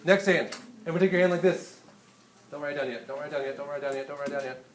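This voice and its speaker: A male teacher giving a lively, hands-on classroom lecture and speaking directly to his students. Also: fairly high pitch, racing, echoey room.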